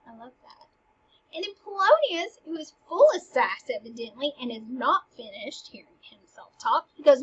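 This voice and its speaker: A woman's voice: high-pitched, sing-song, moderate pace, husky, muffled recording. A young woman casually explaining a classic play and reading its lines with dramatic emphasis. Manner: chatty, dramatic, stresses quoted lines. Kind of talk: casual lesson with read-aloud quotes.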